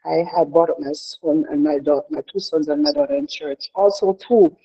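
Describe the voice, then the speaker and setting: A woman's voice: deep voice, normal speed, dark tone. A middle-aged woman leading a prayer devotion in an earnest, heartfelt way, often repeating herself and restarting. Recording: dull lo-fi sound.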